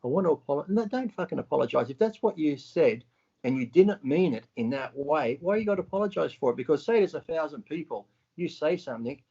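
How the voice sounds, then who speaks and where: A man co-hosting a podcast, talking bluntly with lots of swearing and animated retellings. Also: fairly high pitch, a little fast, husky, lo-fi sound. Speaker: podcast co-host. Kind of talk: casual chat.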